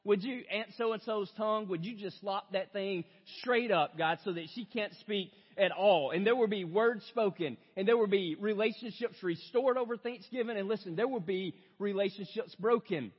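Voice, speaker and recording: High-voiced preacher in a reverberant hall. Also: male voice, slightly rough. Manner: conversational preaching with frequent "right?" tags; reads scripture slower and softer. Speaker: pastor. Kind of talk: sermon. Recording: reverberant hall, dull lo-fi sound.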